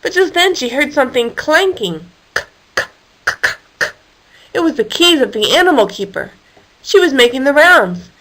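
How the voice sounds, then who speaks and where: Woman, storybook read-aloud, playful, expressive, lively pitch, slightly high voice. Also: normal speed, low-quality recording. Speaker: storyteller for a homeschool course.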